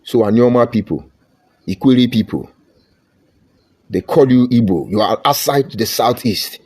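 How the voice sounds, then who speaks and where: A man's voice: mid-range voice, unhurried, darkish tone, slightly rough. A man from Nigeria with a Nigerian accent, giving fiery online political commentary full of mocking rhetorical questions.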